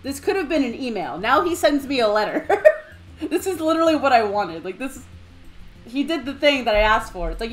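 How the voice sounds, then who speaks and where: High, lively, giggly woman gamer. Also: fairly quick, faint music behind. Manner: giggly, playful, chatty with swings of excitement. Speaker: game streamer. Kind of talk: casual let's-play commentary.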